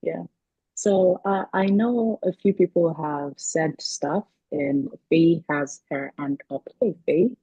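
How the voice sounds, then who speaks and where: A woman's voice: low-pitched, takes it slowly, dark tone, slightly rough, no echo, lo-fi sound. A woman speaking as a guest on a video call, telling stories in a chatty way and laughing between points. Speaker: guest speaker, parent coach. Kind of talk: casual talk on a video call.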